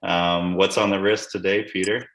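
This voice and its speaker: A man with a very low voice hosts a casual podcast, teasing his co-hosts with crude, profane jokes. The recording sounds roomy and echoey. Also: little pitch movement, normal speed, fairly bright tone. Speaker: podcast host. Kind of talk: casual chat. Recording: roomy echo.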